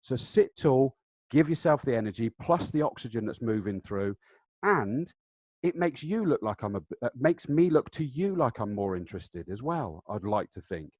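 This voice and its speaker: A man presenting a live online training webinar from his desk, talking in an animated, demonstrative way with self-deprecating asides over a video call. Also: medium pitch, normal speed, no echo. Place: seated at a desk, indoors. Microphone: video call setup.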